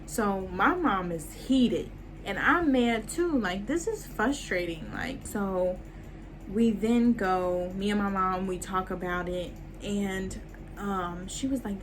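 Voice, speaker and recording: A young adult woman vlogging a casual storytime and talking straight to her viewers in an animated way. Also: medium pitch, slow pace, a little hiss or hum, low-quality recording.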